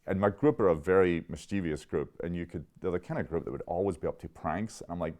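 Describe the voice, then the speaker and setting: Man in his 50s, deep voice, animated storyteller who laughs as he talks, interview setting. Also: fast, hardly any pauses. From Scotland. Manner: animated, laughing often, restarts mid-sentence. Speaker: interviewee, chemist.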